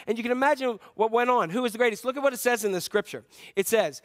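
A man preaching a sermon as a pastor, telling stories in an animated way and acting out scenes with playful humor. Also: very high voice, fast, no room sound, clean studio sound.

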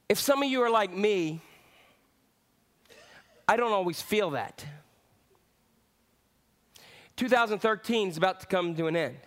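A pastor preaching with a fairly high, animated voice. He calls out to the congregation, then drops to quiet, reflective moments as he talks through scripture. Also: moderate pace, pauses often. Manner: lively preaching with swings from loud to hushed. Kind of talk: sermon.

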